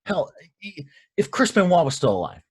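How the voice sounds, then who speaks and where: A man's voice: sits high, big pitch swings, moderate pace, slightly rough. A young man co-hosting a casual talk show, ranting with heat and plenty of swearing. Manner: heated, profane ranting. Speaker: podcast co-host.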